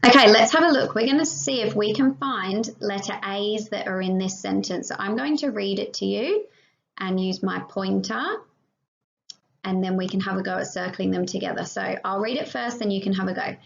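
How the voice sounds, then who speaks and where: A prep teacher with an Australian accent gives young children a slow, encouraging phonics lesson, sounding out each letter. She has a mid-range voice with vocal fry, and the recording is dull and lo-fi.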